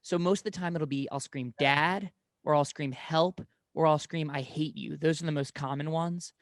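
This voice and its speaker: A man's voice: on the high side, steady tone, brisk, a little mellow, no room sound, studio quality. A young man telling rambling personal stories in casual conversation, often correcting himself mid-sentence. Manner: rambling storyteller, many self-corrections.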